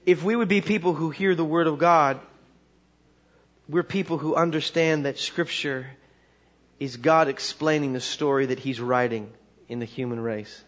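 A man preaching a sermon in a loose, conversational way, restarting phrases as he goes. His voice sits a little high for a man. The recording sounds dull and lo-fi. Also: moderate pace. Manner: conversational, with repeated restarts and a chuckling punchline delivery. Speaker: pastor.

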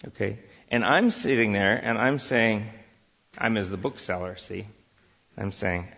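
A man giving a church teaching talk, lively and full of rhetorical questions, who also engages the audience. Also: fairly low pitch, measured pace, creaky, long reverb tail, lo-fi sound. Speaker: Christian speaker teaching on work and business.

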